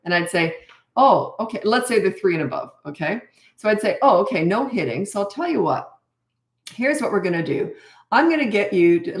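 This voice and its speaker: A woman in her fifties, answering parenting questions on a live stream in a calm, plain-spoken way. Her voice sits low. The room around her sounds echoey. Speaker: parenting coach.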